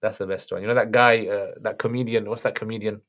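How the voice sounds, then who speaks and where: A man hosting a livestream and answering viewer questions in a relaxed, chatty way. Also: lowish voice, quick pace. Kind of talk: casual chat.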